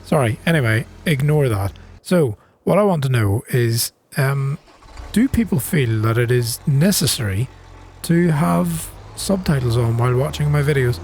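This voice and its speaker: A middle-aged Northern Irish man with a softened accent, chatting casually and thinking aloud with plenty of ums as he commentates his own farming game. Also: mid-range voice, animated, unhurried. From Northern Ireland. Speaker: gaming channel host.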